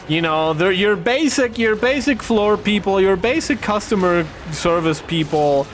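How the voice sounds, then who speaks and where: This man's high voice has lively intonation, yet he takes it slowly with long pauses. He's a streamer chatting as he plays, telling rambling, profanity-laced stories.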